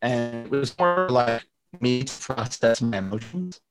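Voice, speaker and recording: Soft background music plays as a young singer-songwriter, mid-range and expressive, speaks a little slowly in a casual video call interview. He's chatty and storytelling, heavy on fillers and acted-out quotes.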